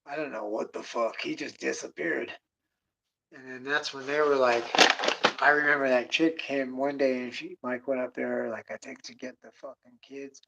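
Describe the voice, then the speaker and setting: A man telling rambling stories in a casual rant, swearing constantly and sliding between mutters and loud bursts. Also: medium pitch, steady tone, normal speed, vocal fry, a little hiss or hum. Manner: drops to a mutter, then rises in bursts. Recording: dull lo-fi recording.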